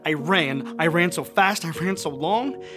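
An actor playing a remorseful, impulsive fisherman disciple in a dramatic monologue, halting and confessional, swelling into shouts. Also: fairly high pitch, lightly acted. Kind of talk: dramatic monologue over music. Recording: music playing underneath.

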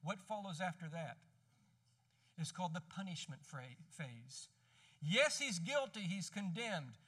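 A man with a high, bright voice teaches through a sermon in a relaxed, conversational way, often stopping to correct himself. He sounds somewhat distant from the microphone. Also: a little slow. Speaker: pastor. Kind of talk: expository sermon.

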